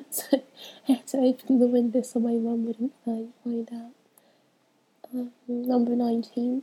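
A woman's voice: a little high, completely flat delivery, unhurried, mellow, husky, low-quality recording. A young woman with a stuffy, congested voice from a cold, chatting casually and hesitantly as she answers a questionnaire. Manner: hesitant, many ums, laughs between answers. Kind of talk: casual chat.

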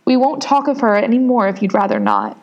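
A woman's voice: mid-range voice, huge pitch swings, a little fast, lo-fi sound. A woman voicing a polite, chatty young girl in a storybook reading. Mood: soothing. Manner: soothing, eager.

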